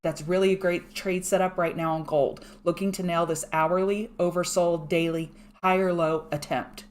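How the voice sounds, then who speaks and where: A woman giving fast, chatty live chart commentary from home and thanking viewers by name. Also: on the low side, fairly even intonation. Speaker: market analyst host. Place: home room.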